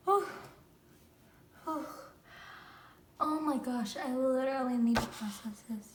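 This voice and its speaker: A young woman with a high voice chats her way through an unboxing, slow and drawn-out, spilling over with excited exclamations. She sometimes drops to a soft whisper. The room is echoey, with faint ambience behind her. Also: a little hiss or hum. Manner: gushing, excited exclamations and squeals. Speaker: vlogger unboxing a photobook. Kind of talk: casual unboxing chat. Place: room with a countertop, squeaky chair.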